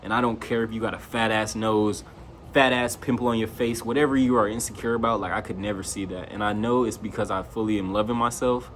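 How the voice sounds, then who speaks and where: Young guy vlogging, lowish voice, super slangy, gets loud doing his friends' voices, bit of hum behind. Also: brisk. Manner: loose, slangy and animated, quoting friends in raised voices. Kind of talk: casual monologue to camera.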